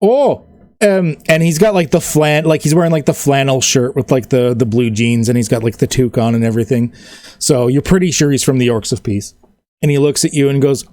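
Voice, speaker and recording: A man running a tabletop game, describing scenes loosely and loosely piling on "like" as he goes. His voice sits in an ordinary middle pitch. The sound is dry and close to the mic. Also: brisk, a little mellow, no echo. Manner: rambling, casual, many "like" fillers. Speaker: game master.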